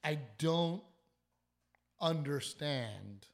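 A man's voice: on the high side, very slow, creaky. A man who hosts a podcast, telling a story in casual chat while sick and short on sleep, restarting often and swearing. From South Texas. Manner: animated, swearing, trailing restarts. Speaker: comedian and podcast host.

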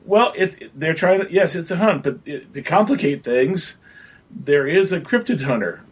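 A man on a podcast pitching a horror game scenario in casual, rambling chat with frequent restarts. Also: lively intonation, moderate pace, slightly rough. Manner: rambling, many restarts, chatty.

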